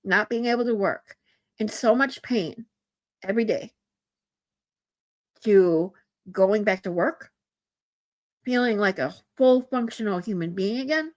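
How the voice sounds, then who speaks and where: A woman streamer talking to her chat in a casual live stream, earnest and heartfelt, often halting and restarting her sentences. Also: medium pitch.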